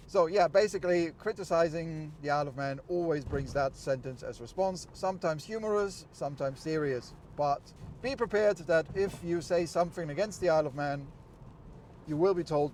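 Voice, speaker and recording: A man's voice: a little high, moderate pace, a little mellow. Upbeat German man driving. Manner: chatty, upbeat, explanatory. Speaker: vlogger. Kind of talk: casual vlog while driving. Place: open-top convertible outdoors. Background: road and vehicle noise.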